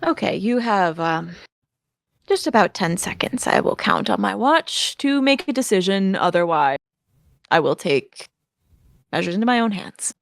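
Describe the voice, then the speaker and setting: A woman voicing a scheming male naval officer with a smooth, condescending manner. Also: medium pitch, very animated, measured pace, dry recording, clean studio sound. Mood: threatening. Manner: smooth, condescending, mock-polite.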